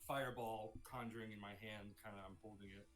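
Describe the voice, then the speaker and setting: A man playing a tabletop game, speaking softly and trailing off into rushed asides. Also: fairly low pitch, fairly even intonation. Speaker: player. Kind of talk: casual tabletop game play.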